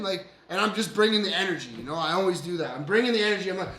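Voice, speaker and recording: Excitable high-voiced man telling a story. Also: very fast. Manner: swearing, laughing, acting out quoted lines loudly. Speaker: podcast co-host. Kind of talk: animated storytelling among friends. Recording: roomy echo.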